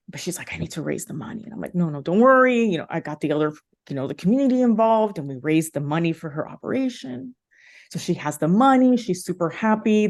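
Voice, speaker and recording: A woman's voice: lowish voice, vocal fry, darkish tone. A woman in her thirties, a podcast guest, telling a personal story with heartfelt emotion, many fillers and restarts.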